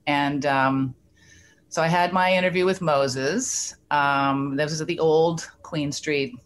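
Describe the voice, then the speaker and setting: A woman in her sixties from Canada, a guest telling lively stories and acting out the dialogue. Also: low-pitched, slow, a little hiss or hum. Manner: animated storyteller who acts out quoted dialogue. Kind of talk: casual storytelling interview.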